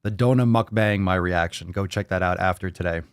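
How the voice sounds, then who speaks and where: A man hosting a live podcast stream, talking loudly and excitedly, repeating phrases and swearing often. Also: sits low, brisk, clean tone, no echo, studio quality. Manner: plays soundboard clips. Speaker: podcast host.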